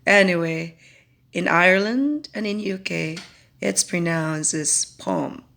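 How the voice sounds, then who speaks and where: Woman, online teacher, slow and deliberate delivery, gravelly edge to the voice. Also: fairly low pitch, fairly bright tone. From Philippines. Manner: slow, careful, counting syllables aloud. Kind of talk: educational lesson.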